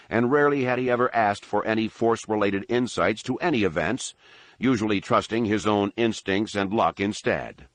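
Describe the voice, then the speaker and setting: Deep voiced guy reading an audiobook, lots of pitch swing, dry close sound. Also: no echo. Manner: expressive, voices each character. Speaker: audiobook narrator.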